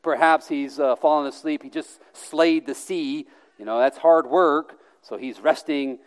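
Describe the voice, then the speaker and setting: A male pastor delivers an emphatic sermon in a fairly high-pitched voice. His words ring out with a long reverb, like a large sanctuary. He stumbles and restarts often, then lands lines with force. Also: unhurried.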